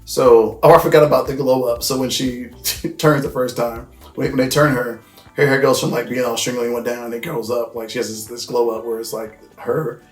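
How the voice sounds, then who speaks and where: Speaking briskly with little pitch movement, this host gives a rambling, swear-heavy recap of a movie in his mid-range voice. Phrases such as "like" and "you know what I mean" keep coming up, against an echoey room and faint background music.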